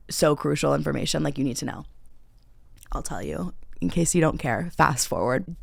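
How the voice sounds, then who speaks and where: A young woman hosting a podcast tells a dating story casually, chatty and full of fillers, laughing often. Her voice is deep and creaky, recorded cleanly in a studio with no room sound.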